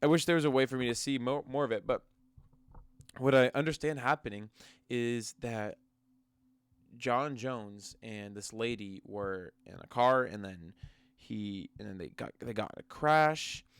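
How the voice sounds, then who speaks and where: A man's voice: medium pitch, measured pace, smooth, no room sound. A young man ranting casually and profanely about combat sports, mocking and heated. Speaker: MMA commentary vlogger. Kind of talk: casual rant to camera.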